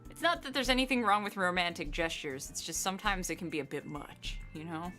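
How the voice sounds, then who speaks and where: A woman's voice: fairly low pitch, expressive, fairly quick, bright, forceful tone, soft background music. A woman co-hosting a let's play, chatting playfully and affectionately over gameplay. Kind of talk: casual chat over gameplay.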